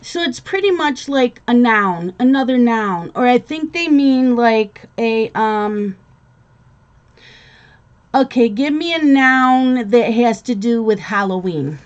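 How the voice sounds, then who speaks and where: A woman's voice: a little high, expressive, slow, lo-fi sound. A woman hosting a casual live stream, chatting with viewers and calling to her pets.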